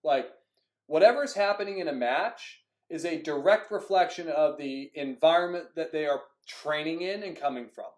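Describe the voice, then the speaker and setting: A man talks through his years coaching youth soccer in an animated, storytelling way, acting out old conversations. His voice sits a little high, and the room gives it a noticeable echo. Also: normal speed. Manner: frequent "like" fillers. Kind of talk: casual monologue. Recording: echoey room.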